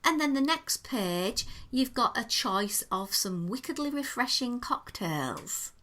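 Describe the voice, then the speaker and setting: A woman's voice: on the high side, sing-song, slow, bright, forceful tone. A woman co-hosting a podcast, chatting her way through a restaurant review with detailed, enthusiastic description. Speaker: podcast co-host. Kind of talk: casual chat, restaurant review.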